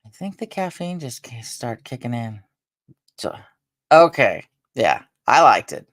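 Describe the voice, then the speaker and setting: A woman hosting a casual live stream, rambling along with halting restarts and fillers, sounding tired and drained. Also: very deep voice, sing-song, no room sound, clean studio sound. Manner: meandering, halting talk with many restarts and fillers. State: tired and drained after a stressful day. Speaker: livestream host.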